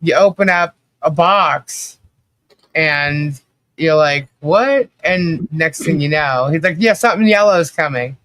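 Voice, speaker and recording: A man's voice: fairly high pitch, unhurried, a bit bright, slight background noise. A man hosting a casual livestream, telling rambling stories with lots of fillers and laughter. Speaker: livestream host. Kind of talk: casual chat.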